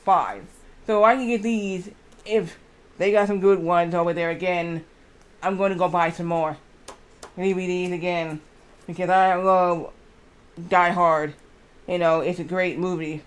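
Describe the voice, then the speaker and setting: A man streaming live, chatting casually and reading aloud haltingly with lots of fillers. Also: high-pitched, steady tone, clean tone. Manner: rambling, reads aloud haltingly with many fillers.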